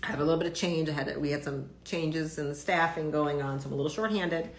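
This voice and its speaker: Blunt low-voiced woman ranting on stream. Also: steady tone, quick pace, reverberant, slight background noise. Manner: blunt, swearing, many fillers and restarts. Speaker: doctor hosting a live stream. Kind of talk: casual live-stream rant.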